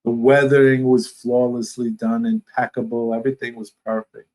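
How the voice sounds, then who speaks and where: A man from Brooklyn with a New York accent, a guest in a casual interview who rambles warmly and animatedly. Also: medium pitch, moderate pace, low-quality recording. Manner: rambling, animated, talks with his hands.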